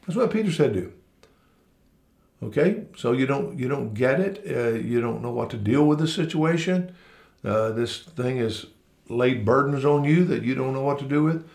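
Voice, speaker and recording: A man's voice: mid-range voice, lively intonation, moderate pace, creaky, darkish tone, reverberant. A man preaching a sermon, talking conversationally with frequent restarts and repeated words. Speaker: pastor.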